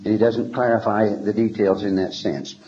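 Man lecturing a class on scripture, mellow, asks his listeners rhetorical questions, faint tape hiss. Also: lowish voice, little pitch movement, dull audio. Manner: halting, repeats words while thinking. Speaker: religious lecturer.

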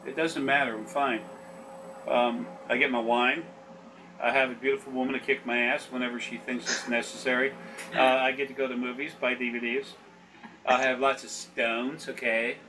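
A man's voice: mid-range voice, level tone, normal speed, pushed and bright, a little hiss or hum, rough recording. A man talking as a spiritual consultant in rambling, profane casual chat that often turns preachy.

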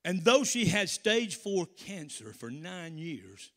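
A Southern-accented man delivers a sermon in a high, ringing voice. He calls to the congregation for amens and climbs into shouted praise. The sound carries a long church-hall reverb. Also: very animated, slow. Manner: call-and-response preaching, rising to shouts. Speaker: preacher.

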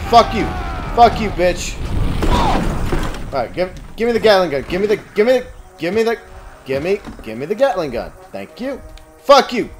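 A man hosting a casual gameplay commentary, cursing and yelling at the game. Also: sits high, big pitch swings, a little fast, soft background music. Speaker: gaming let's-play host.

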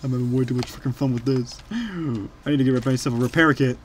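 A young man hosting a let's play, excitable, shouting and laughing as he comments on the game. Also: medium pitch, a little fast, a little hiss or hum. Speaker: gaming channel host.

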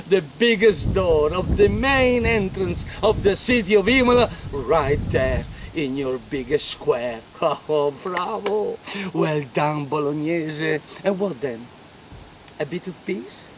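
An actor playing a medieval friar jester who mocks a warlike crowd with theatrical praise and sudden shouts. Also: male voice, a little high, animated, slow. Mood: sarcastic. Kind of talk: one-man stage performance.

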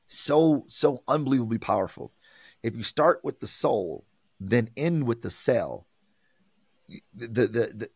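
A man's voice: medium pitch, gravelly, slightly rough, dry recording. A man, a marketing professor, talking with passion on a podcast and acting out quoted exchanges. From United States. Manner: animated, preachy, acts out quoted exchanges.

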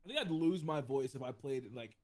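A young woman streaming a game, reacting fast with laughs and swearing in casual banter. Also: very deep voice, lively intonation, darkish tone.

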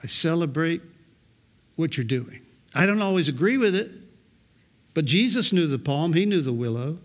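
Pastor, male, middle-aged; sermon storytelling, dry humor, voice a bit high. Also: animated, moderate pace.

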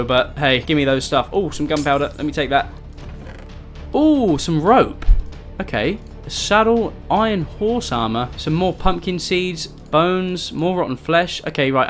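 A man's voice: fairly high pitch, a bit bright. Jumpy young gamer man. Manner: jumpy, easily startled, yelps and pleads at zombies; jokey, sarcastic asides. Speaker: gaming YouTuber. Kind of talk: Minecraft let's-play commentary.

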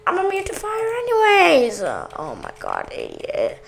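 High, gravelly playful female gamer. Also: huge pitch swings, normal speed, slight background noise. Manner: playful, goofy, jumps between put-on voices. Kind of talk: silly game role-play commentary.

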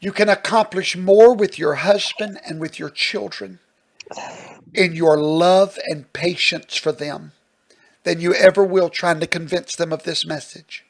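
A man's voice: high voice, steady tone, measured pace, vocal fry, low-quality recording. A male pastor teaching at a Bible study question and answer session, earnest and emphatic, often checking in with "Amen?".

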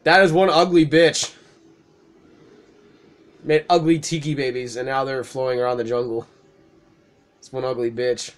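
A man's voice: mid-range voice, normal speed, pauses often. A young man giving casual let's play commentary, swearing freely, laughing often and getting worked up at the screen. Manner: profane, excitable, laughs often.

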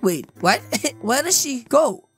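Woman gamer, very high and bright voice, loud and excitable over faint music. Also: slow pace. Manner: loud, excitable, frequent laughing and shouting. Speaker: gaming YouTuber. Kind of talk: comedic role-play commentary over gameplay.

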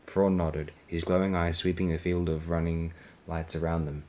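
A man narrating a science fiction novel as a fan audiobook. His voice is very deep and his delivery steady and measured. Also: poor audio. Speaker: audiobook reader.

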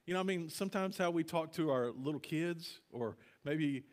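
A man with a notably high voice preaches to his church congregation. He talks in an earnest, conversational way, stumbling over repeated words and calling on the people to say phrases back to him. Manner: earnest, halting, leads congregation call-and-response. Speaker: pastor. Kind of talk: conversational sermon. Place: church sanctuary.

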